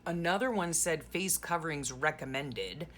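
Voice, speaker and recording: A woman's voice: sits low, moderate pace, a bit bright, a little hiss or hum. A middle-aged woman chatting casually while gluing things into a journal, rambling through a story with sarcastic asides. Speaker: journaling vlogger. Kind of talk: casual chat while crafting.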